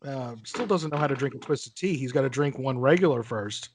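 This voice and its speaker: A man's voice: medium pitch, a little fast, background noise. A man hosting a casual podcast chat, joking and swearing as he leads the questions. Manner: joking, profane, leading the questions. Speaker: podcast host.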